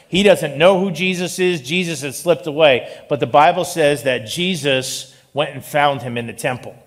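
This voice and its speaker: Man, pastor, sermon, animated, joking, higher voice, long church reverb. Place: church sanctuary. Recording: long reverb of a large hall.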